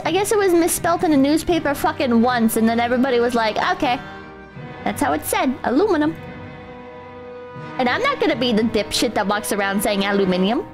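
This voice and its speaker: A young American woman streaming, chatting casually and reading viewer donations in a teasing, crude way, swearing freely. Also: high voice. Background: faint music.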